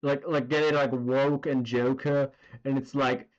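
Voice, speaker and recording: A man's voice: medium pitch, little pitch movement, unhurried, dull audio. A man casually chatting while he draws on a live stream, rambling with lots of fillers and the odd swear word. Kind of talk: casual chat while drawing.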